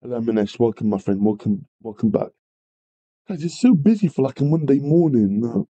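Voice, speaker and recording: A man's voice: medium pitch, animated, normal speed, dark tone, lo-fi sound. A man teaching a live maths revision lesson, greeting viewers and apologising often as he works through problems. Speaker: maths tutor.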